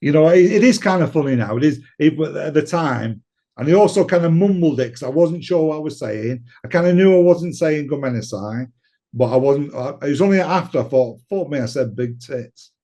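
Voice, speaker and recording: A man's voice: on the high side, animated, fairly quick, warm tone. A British man telling a story in a casual interview, swearing often and laughing as he talks. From United Kingdom. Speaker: interview guest.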